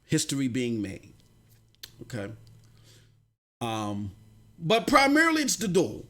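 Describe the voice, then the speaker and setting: A man hosting a gaming news live stream, ranting casually with slang, swinging from low muttering to shouting. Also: wildly swooping pitch, takes it slowly.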